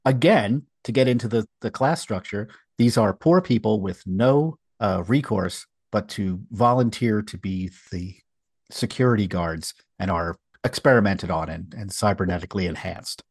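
Co-host, male, low husky voice, wry and sarcastic, recaps comics in casual chat. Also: moderate pace, no room sound, studio quality. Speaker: podcast co-host. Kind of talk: casual comic book discussion.

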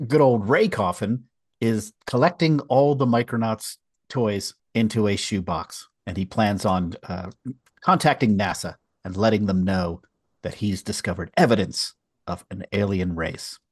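Husky, dry-sounding sarcastic podcast co-host man. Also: lowish voice, measured pace, no room sound. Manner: wry, sarcastic, recaps plot. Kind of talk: casual comic book discussion.

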